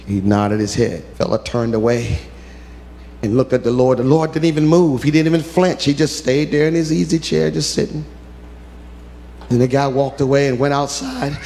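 High, gravelly-voiced male preacher. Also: moderate pace. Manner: emphatic, call-and-response, rising to shouts. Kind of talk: sermon storytelling.

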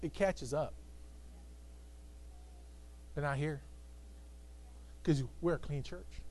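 A man's voice: on the high side, takes it slowly, darkish tone. A male pastor preaching an emphatic sermon to a congregation that answers back. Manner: emphatic preaching with call-and-response, acting out voices. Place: church sanctuary with congregation.

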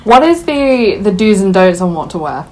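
A woman's voice: medium pitch, very animated, moderate pace, darkish tone. A woman interviewer, asking short questions and giving brief encouraging replies.

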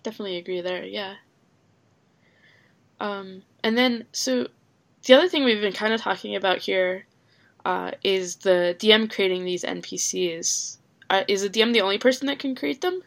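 Gravelly woman speaking thoughtfully. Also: medium pitch, moderate pace. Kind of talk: podcast discussion.

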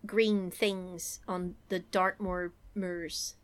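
A woman's voice: fairly low pitch, little pitch movement, drawn-out words. A woman from England chatting casually as a podcast co-host, rambling and giggly as she recaps a story. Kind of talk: casual chat.

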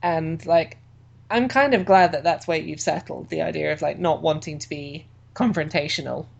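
A woman's voice: low-pitched, normal speed, vocal fry, slightly rough, highs cut off. Chatty woman hosting a casual chat. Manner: chatty, laughs easily, promotional. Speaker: podcast host and convention track organizer.

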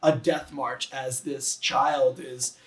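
A man who teaches high school English, explaining poetic meter enthusiastically and tapping out rhythms with his voice. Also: level tone, takes it slowly, fairly bright tone, reverberant, far from the mic. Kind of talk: conversational explanation, reading a poem aloud.

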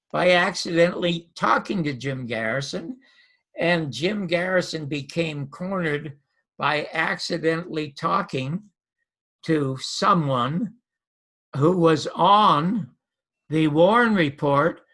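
Raspy older man telling stories. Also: on the high side, a bit bright. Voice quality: raspy, gravelly. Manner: emphatic, repeats words. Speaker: guest, former talk show host and stand-up comic. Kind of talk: animated storytelling.

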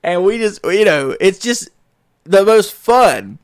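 A middle-aged man telling casual stories as a podcast host, animated and jokey, often laughing through what he says. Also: high voice, takes it slowly, no room sound, clean studio sound. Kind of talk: casual storytelling monologue.

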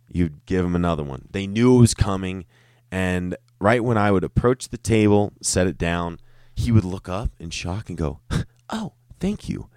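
A man's voice: low-pitched, a little mellow, clear, resonant tone, dry recording, clean studio sound. A man telling a casual, profane, rambling story about his years working as a restaurant server. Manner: rambling, self-interrupting, laughing asides.

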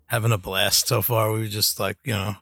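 A man's voice: on the low side, level tone, fairly bright tone, no room sound, clean studio sound. A man with a New York accent, a guest on a podcast, chatting casually and cracking jokes. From Staten Island, New York. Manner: joking, quick wisecracks. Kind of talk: casual interview chat.

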